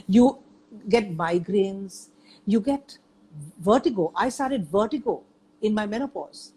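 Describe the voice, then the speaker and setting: A woman's voice: medium pitch, animated, takes it slowly, darkish tone, slightly rough, rough recording. An older woman sharing her experience in a casual chat, talking emphatically and repeating points for stress.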